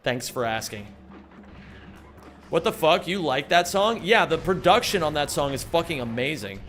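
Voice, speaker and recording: Big pitch swings mark this young man's fairly high, fairly bright voice as he streams at a normal speed. Faint music and slight background noise sit behind his rambling, profane jokes, silly voices, and replies to chat.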